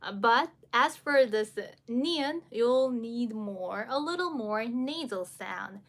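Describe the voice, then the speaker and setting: A woman's voice: on the high side, lively intonation, takes it slowly, fairly bright tone. A woman teaching pronunciation on a live stream, patiently repeating syllables to demonstrate sounds and answering viewers' comments. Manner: frequent fillers and restarts, laughs lightly.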